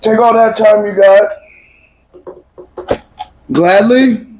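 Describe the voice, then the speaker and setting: A man hosting a comedic call-in show, boisterous and profane, repeating phrases and shouting. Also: high voice, fairly even intonation, drawn-out words, slight background noise, low-quality recording. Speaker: host.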